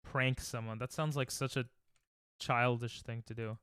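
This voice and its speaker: A young man streaming, chatting casually and rambling to his live chat, laughing often and breaking into sudden high yelps. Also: fairly even intonation, measured pace, a bit bright, clear, resonant tone, no room sound, studio quality.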